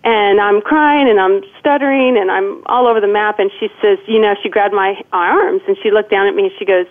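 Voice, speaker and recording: A woman's voice: medium pitch, fairly even intonation, a little fast, hardly any pauses. A woman in her forties, calling in as a guest, telling a personal story earnestly, with frequent restarts and "you know". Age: 40s. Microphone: phone call. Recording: tinny phone line.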